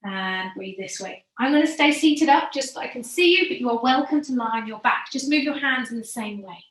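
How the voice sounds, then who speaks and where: Calm woman guiding yoga breathing. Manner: calm, slow and soothing, drops to soft low guidance. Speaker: yoga teacher. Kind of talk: guided yoga breathing instruction. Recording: echoey room, from far off the mic.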